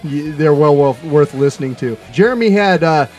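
Guy cohosting a podcast, swears and cracks up a lot, lively up-and-down voice, music under it. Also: fairly high pitch, moderate pace. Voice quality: profane, laughs often. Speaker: podcast co-host. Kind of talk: casual crude banter.

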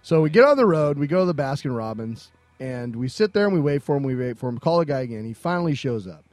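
A man's voice: mid-range voice, big pitch swings, fast talker, darkish tone, no echo. A middle-aged man co-hosting a podcast, telling a long anecdote in a casual way, acting out the other people's lines and laughing often. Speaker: podcast co-host. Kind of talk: casual storytelling.

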